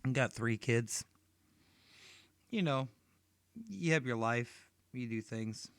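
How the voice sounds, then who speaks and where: A man in his thirties does stand-up and rambles through profane stories. His voice is mid-pitched and ordinary. The sound is close and dry, with no room around it. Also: slow, a bit bright, dry recording. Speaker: stand-up comedian. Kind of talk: stand-up comedy set.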